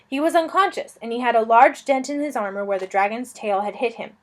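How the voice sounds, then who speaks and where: A woman reading a children's fantasy novel aloud, telling it in a lively, expressive way. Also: a little high, fairly quick. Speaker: reader.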